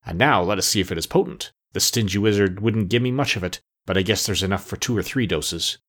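A man voicing a gruff, shrewd old witch in an audiobook, with a husky, lowered voice. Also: a little fast, a bit bright. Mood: gruff scheming. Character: scheming cackling old witch woman. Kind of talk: audiobook character voice.

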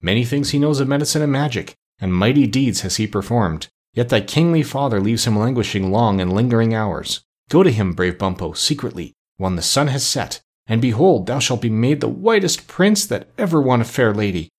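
A sharp-witted, scheming parrot from a storybook, put on by a male reader. She talks briskly and bossily, always working out a plan. The voice carries a husky edge. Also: mid-range voice, expressive, close to an everyday voice. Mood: mock fairy grandeur. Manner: brisk, bossy, hushed at times.

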